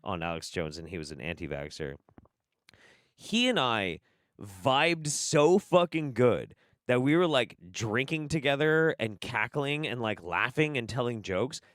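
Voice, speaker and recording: A man's voice: on the low side, big pitch swings, moderate pace, a bit bright, no echo, studio quality. A man hosting a casual commentary stream, swearing and laughing, with an exasperated delivery. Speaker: streamer host.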